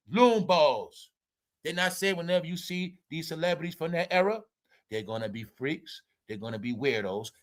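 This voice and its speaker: A man hosting a celebrity gossip show, ranting with profanity and mockery, swinging between loud outbursts and low mutters. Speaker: commentary show host.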